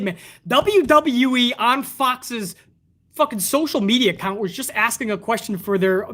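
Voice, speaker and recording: His voice sits high with a fairly bright tone. This American man hosts a relaxed wrestling livestream as a podcast host, reading donations aloud between rambling, heated, foul-mouthed rants.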